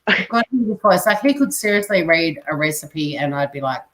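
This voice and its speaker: Australian woman, low-set voice, easy chat as she cooks and reads comments. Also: lively intonation, brisk, fairly bright tone. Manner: chatty, reads out viewer comments. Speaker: cooking stream host. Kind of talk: casual chat while cooking.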